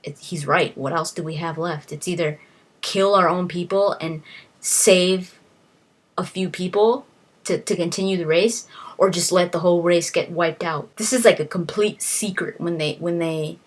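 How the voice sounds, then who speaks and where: A young woman talks through a story recap in a loose, rambling way, quoting each character with "he's like" and often restarting her sentences. Her voice sits a little low for a woman. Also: normal speed. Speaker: video uploader retelling a novel's plot. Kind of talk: casual plot recap.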